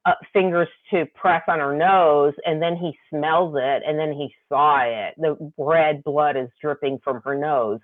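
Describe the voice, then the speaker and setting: Animated woman on a tinny line. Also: low-pitched. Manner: animated, laughs often, reads quotes aloud. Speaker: podcast co-host. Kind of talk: casual book discussion.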